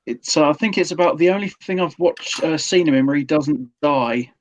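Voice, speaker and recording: A man's voice: a little high, a little fast. A man joining a casual chat as a guest, making dry, wry remarks.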